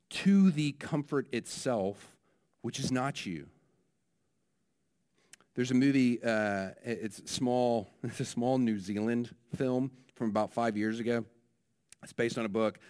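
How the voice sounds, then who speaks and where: A man's voice: mid-range voice, darkish tone. Man preaching in a conversational way. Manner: conversational, with frequent restarts and "like". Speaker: pastor. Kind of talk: sermon.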